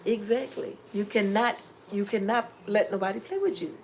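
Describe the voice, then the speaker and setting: Woman preaching life advice, animated. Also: medium pitch, normal speed, slight background noise. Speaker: home DIY vlogger. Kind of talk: casual live-stream chat reading viewer comments.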